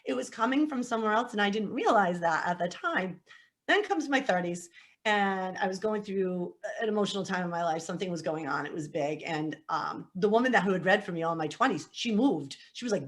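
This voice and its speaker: A woman's voice: mid-range voice, fairly quick. A middle-aged woman, a psychic medium guest, telling her life story in a casual podcast chat, laughing and acting out what people said. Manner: animated, laughing, acts out quotes.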